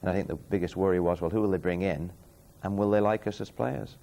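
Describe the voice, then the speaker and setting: A former player in a documentary interview, speaking in a measured, reflective way. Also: male voice, sits low, steady tone, vocal fry, warm tone.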